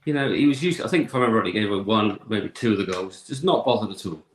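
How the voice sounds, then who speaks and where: Low-voiced, quick, blunt football fan; roomy, slightly noisy recording. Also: male voice, animated. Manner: blunt, exasperated. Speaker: podcast guest. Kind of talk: casual football podcast chat. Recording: echoey room, faint noise.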